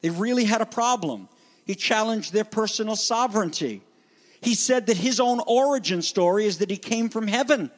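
A man's voice: sits high, expressive, normal speed. A pastor, a man, preaching an expository sermon with emphatic, dramatic delivery. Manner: emphatic, dramatic teaching that acts out quoted voices.

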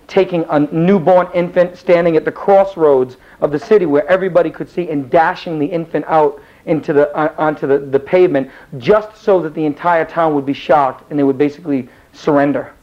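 A man's voice: fairly high pitch, brisk. A man teaching a Bible class in a casual, rambling storytelling style, acting out the characters as he goes. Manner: rambling, animated, acts out the characters. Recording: dull lo-fi recording.

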